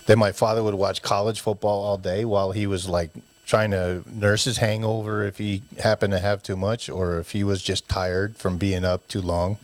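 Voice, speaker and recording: A man with a fairly low voice tells loose, rambling stories about growing up. He slips into his parents' voices as he acts out scenes, laughing along the way. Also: normal speed, few pauses, no room sound. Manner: animated storyteller who acts out parents' voices. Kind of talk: casual storytelling chat.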